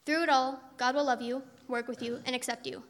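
Casting: a woman preaching, high and bright, with reassuring storytelling and echoey hall sound. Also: steady tone, a little fast. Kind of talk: sermon.

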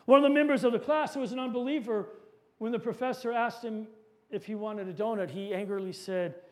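High-voiced man telling a sermon story. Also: fairly even intonation, a little fast.

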